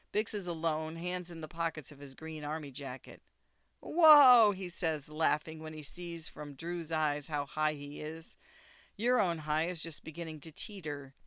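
A man narrating an audiobook in a steady, second-person storytelling way. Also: a little high, smooth, no room sound.

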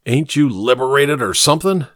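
A man's voice: mid-range voice, animated, normal speed, fairly bright tone, no echo, clean studio sound, voice pushed up, close to an everyday voice. A man voicing a crude, mocking grown man in an audiobook, brash and dismissive. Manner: sneering, blustery, crude.

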